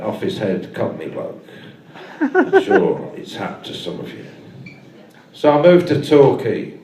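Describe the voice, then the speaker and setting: A man's voice: medium pitch, mellow, slight background noise. A male stand-up comedian doing a live set, telling a rambling story with dry asides. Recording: echoey live room from far off.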